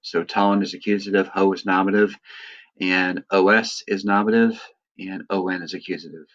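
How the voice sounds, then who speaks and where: A man teaching a lesson, talking through examples in a relaxed, explaining way with lots of "uh" and "right". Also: deep voice, brisk, dull audio. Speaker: Greek teacher. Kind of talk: recorded lecture.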